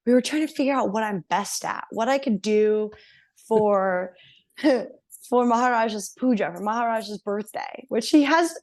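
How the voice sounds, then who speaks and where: A woman guest on a podcast interview, telling her personal story in an earnest, animated way and laughing now and then. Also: on the high side, a little slow. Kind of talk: casual interview.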